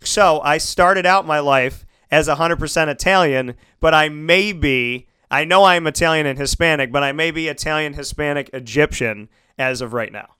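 A man with a bright, crisp voice tells a family story on air, rambling and animated, doubling back on himself mid-sentence. His voice sits a touch high for a man, and the sound is dry and close. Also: moderate pace, few pauses, no room sound. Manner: animated, rambling, lots of restarts and fillers.

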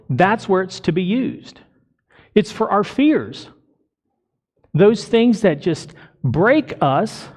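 Male pastor preaching slow n emphatic, kinda higher voice, lots of questions to the crowd. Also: darkish tone. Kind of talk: sermon. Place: church congregation.

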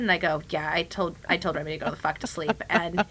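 A woman's voice: fairly low pitch, fairly even intonation, quick pace, a bit bright, slight background noise. A young woman chatting casually as a podcast co-host, telling a story animatedly and acting out her own whispered and spoken quotes. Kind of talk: casual chat.

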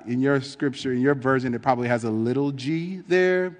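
A man's voice: medium pitch, a little fast, in a large hall. A man preaching in a casual, conversational way, reading scripture and explaining it with frequent fillers.

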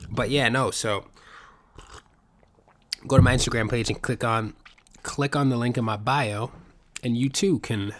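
A man in his thirties hosting a podcast, talking in a casual, rambling comedic monologue with lots of swearing and animated asides. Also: mid-range voice, a little slow, long pauses. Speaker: podcast host.

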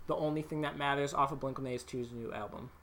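A woman's voice: rumbling low, fairly even intonation, fast, fairly bright tone, a little hiss or hum. Giggly young woman hosting a podcast. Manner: giggly, storytelling with quoted voices. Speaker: podcast host. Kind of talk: casual podcast banter.

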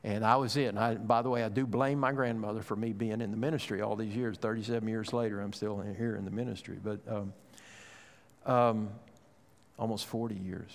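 This pastor in his fifties has a lowish, brisk voice with fairly even intonation. His sermon wanders through a family story with lots of fillers before rising to urgent encouragement, all echoing with long hall reverb.

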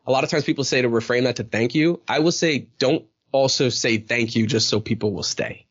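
A man's voice: mid-range voice, a little fast, highs cut off. A man hosting a casual podcast chat, rambling with many fillers and acting out quoted dialogue. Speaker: podcast host.

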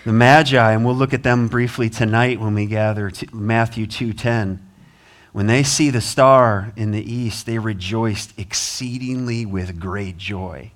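A man's voice: on the low side, steady tone, unhurried. A man preaching a sermon as pastor, earnest, with rising emphasis, American accent. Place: church sanctuary.

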